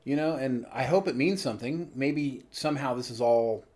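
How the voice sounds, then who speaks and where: A man's voice: mid-range voice, normal speed, a little mellow. A man from the United States co-hosting a casual pop culture podcast and giving opinionated commentary. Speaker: podcast co-host.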